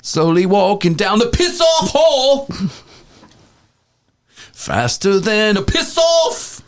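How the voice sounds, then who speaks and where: A man mocking a surly British rock star man in a put-on British accent, with a high sneering half-sung shout. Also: wildly swooping pitch, slow, smooth, exaggerated voice. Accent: mock British.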